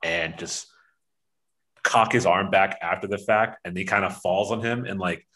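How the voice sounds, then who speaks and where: A man's voice: sits low, moderate pace, a bit bright. A man co-hosting a podcast, talking sports in an enthusiastic, rambling way. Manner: enthusiastic, rambling, laughs a lot. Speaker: podcast co-host. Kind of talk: casual sports chat.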